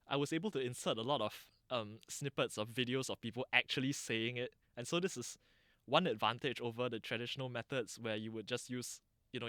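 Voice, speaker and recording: A Singaporean man gives long, thoughtful interview answers in a mild lecturing tone. He restarts phrases and fills pauses as he explains. The recording is dry and close. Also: mid-range voice, fairly bright tone, clean tone, no echo. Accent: Singaporean English. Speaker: interviewee, dialect channel founder.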